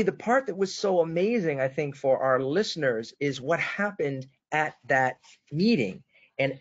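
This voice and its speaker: A man's voice: a little high, slight background noise. Storytelling man on a webinar. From Boston. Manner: storytelling, enthusiastic, addresses co-host by name. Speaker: webinar co-host. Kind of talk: webinar presentation. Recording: dull lo-fi webinar audio.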